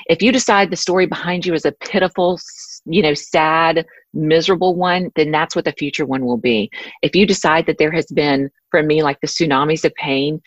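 A woman's voice: low voice, no echo, muffled recording. A woman speaking as a guest author in a casual interview, earnest and rambling, with frequent restarts.

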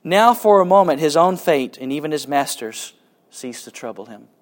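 A man giving a literature lecture, reading passages aloud with dramatic swings between excitement and hushed quiet. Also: fairly high pitch, normal speed. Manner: dramatic reading, rising with excitement and dropping to a hush.

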